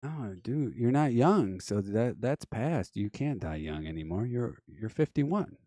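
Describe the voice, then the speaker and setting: A man in his forties hosting a live stream, teasing his caller in a deadpan way. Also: mid-range voice, unhurried, no room sound. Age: 40s. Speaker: streamer host. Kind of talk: casual chat.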